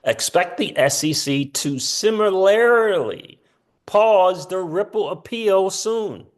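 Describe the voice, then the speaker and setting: A man hosting a casual commentary channel, reading news posts aloud and breaking in with quick offhand asides. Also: high voice, lively intonation. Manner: chatty, reads quotes aloud with asides. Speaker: crypto channel host.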